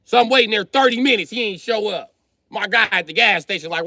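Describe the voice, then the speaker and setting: A man streaming live, telling a heated story in a loud, profane rant that breaks into shouting. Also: high voice, fast talker, no room sound, clean studio sound. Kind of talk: ranting storytime.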